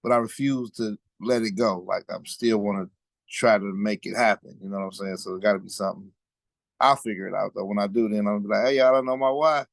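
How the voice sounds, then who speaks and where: A man with a lowish voice speaks in a relaxed, informal way, pausing on fillers. The sound is dry, with no room around it. He talks as a participant in a group discussion. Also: gravelly, no echo. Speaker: business owner participant.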